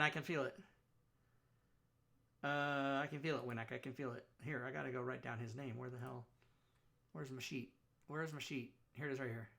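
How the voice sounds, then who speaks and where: A man's voice: mid-range voice, normal speed, creaky, long pauses, bright, forceful tone. A man hosting a casual livestream talk show, chatting loosely with his viewers, running raffles and rambling between jokes. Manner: loose, rambling, joking with chat.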